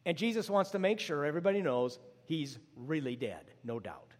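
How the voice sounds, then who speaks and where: A pastor preaching a sermon, with sudden rises to loud, emphatic lines and drops to a hush. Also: male voice, a little high, big pitch swings, moderate pace, big-room sound. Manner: dramatic swings between loud emphatic lines and hushed drops.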